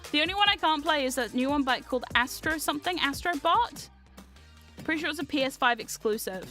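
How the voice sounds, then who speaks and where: A woman's voice: high-pitched, expressive, fairly quick, pushed and bright. A young woman streamer chatting casually and animatedly, reading chat aloud and swearing freely. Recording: faint music behind.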